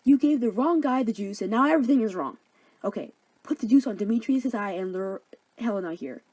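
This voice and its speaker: A woman's voice: a little high, animated, fairly quick, darkish tone, slightly rough. A woman doing a sheepish mischievous fairy.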